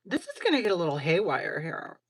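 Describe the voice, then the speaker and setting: A woman's voice: fairly low pitch, sing-song, brisk, husky, dry recording. A woman hosting a casual livestream, chatting in a sassy, slangy way while crafting jewelry. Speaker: livestream host.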